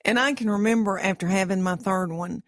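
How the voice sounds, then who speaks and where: A woman's voice: mid-range voice, fairly quick, no echo, clean studio sound. Chatty woman telling stories. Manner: chatty, animated storyteller. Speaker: podcast co-host. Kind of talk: casual chat, storytelling.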